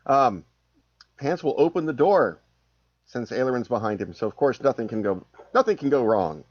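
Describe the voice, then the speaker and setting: A man's voice: medium pitch, normal speed, dry recording. A man playing a tabletop game, joking around with the group. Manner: joking, lively. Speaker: player. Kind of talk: casual tabletop game play. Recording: dull dry mic.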